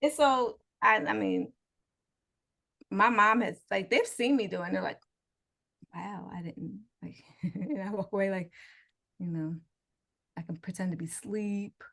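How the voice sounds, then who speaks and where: A woman's voice: medium pitch, unhurried, creaky, pauses often, sharp tone. A woman co-hosting a casual podcast over a video call, telling stories with laughter and acting out quotes. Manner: storytelling, laughing, acts out quotes. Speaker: podcast co-host. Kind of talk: casual chat.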